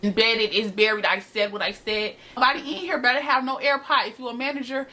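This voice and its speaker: A young woman of eighteen with a bright, forceful voice pitched a little high, spilling a workplace story to camera. Sassy and dramatic, she keeps talking straight to her viewers. A faint hiss sits under her camera-mic recording. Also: steady tone, brisk. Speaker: vlogger telling a story. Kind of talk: casual storytime chat to camera. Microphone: built-in camera mic.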